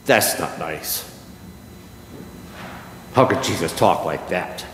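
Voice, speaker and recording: Slow-preaching older man in an echoey church. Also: deep voice, expressive, a bit bright, slight background noise. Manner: slow, emphatic preaching with dramatic pauses. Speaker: pastor. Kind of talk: sermon. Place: church sanctuary. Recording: echoey church hall with long reverb.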